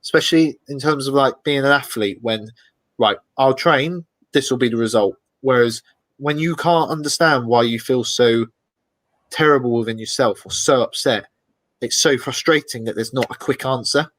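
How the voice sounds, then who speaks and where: A man, the guest in an interview, telling lively anecdotes in a casual way and acting out the voices of people he quotes. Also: mid-range voice, normal speed, dry recording, low-quality recording. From Britain. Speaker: expedition guest.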